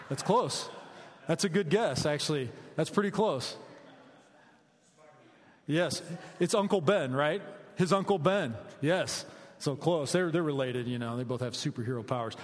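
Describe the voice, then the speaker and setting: Energetic preacher man in a reverberant hall. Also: fairly high pitch. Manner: energetic, conversational, asks the audience questions. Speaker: preacher, high school basketball coach. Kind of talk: sermon.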